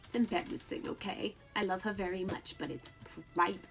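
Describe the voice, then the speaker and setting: A woman's voice: medium pitch, fairly even intonation, a little fast, soft background music. Woman cooing at her cat on stream. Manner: coos at her pet cat in a sing-song baby voice; drops into soft whispers now and then. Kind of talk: casual live-stream chat. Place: home room while streaming.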